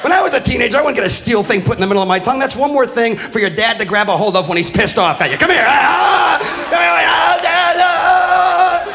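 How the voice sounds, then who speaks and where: A middle-aged man doing a profane stand-up comedy routine on stage, ranting loudly and acting out the people in his stories. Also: sits high, rapid-fire, few pauses, soft background music. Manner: loud, ranting, profane, acts out characters. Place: comedy stage before a live audience. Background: crowd laughing.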